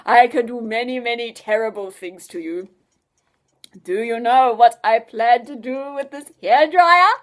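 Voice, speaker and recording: A woman's voice: a little high, measured pace, lightly acted. Storybook villain: a woman playing a theatrical, easily offended evil male scientist, raised voice. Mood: gloating. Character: pompous evil male mad scientist, touchy and boastful. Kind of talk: storybook reading.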